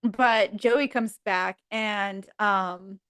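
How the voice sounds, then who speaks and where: A woman guest on a podcast, chatting casually and retelling sitcom episodes in an animated way, acting out the characters' lines. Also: medium pitch, drawn-out words, smooth, dry recording, studio quality. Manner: animated storyteller who acts out characters' lines.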